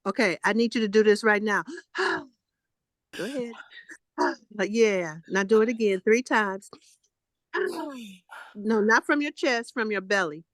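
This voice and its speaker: A woman talks a friend through slow breaths, coaxing and affectionate, calling her honey and baby. Her voice sits close and dry, with almost no room sound around it. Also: medium pitch, dry recording. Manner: warm, coaxing, calls people honey and baby. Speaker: co-host. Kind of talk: supportive group talk, coaching breathing.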